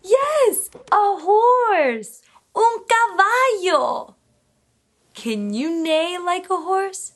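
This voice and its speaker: A woman teaching young children, speaking slowly and in a sing-song way, switching between English and Spanish. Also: very high-pitched, expressive. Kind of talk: bilingual kids' lesson.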